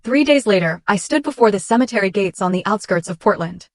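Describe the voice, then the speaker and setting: A woman reading a first-person story as scripted narration, in a steady, measured way. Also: mid-range voice, no room sound, studio quality.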